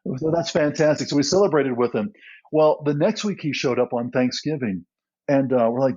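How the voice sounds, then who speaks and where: A middle-aged man, guest on a podcast, telling a story earnestly with frequent restarts and soft laughs. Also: medium pitch, a little fast, breathy edge, highs cut off. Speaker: guest, nonprofit co-founder.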